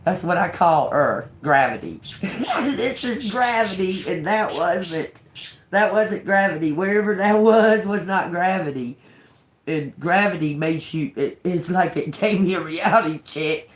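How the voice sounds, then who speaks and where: A woman's voice: fairly low pitch, expressive, a little slow. A woman hosting a tarot livestream who tells a personal story casually. She talks frankly, swears a lot, repeats phrases and breaks into laughter often. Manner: drawling, repeats herself. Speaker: tarot reader livestream host.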